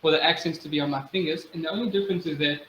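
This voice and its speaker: High-voiced male drum teacher in an echoey room. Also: very fast, heavy background noise. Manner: counts aloud and chants drum rhythms; patient, encouraging teacher. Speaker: drumming instructor. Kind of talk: instructional demonstration. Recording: echoey room with loud drumming. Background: loud drum playing.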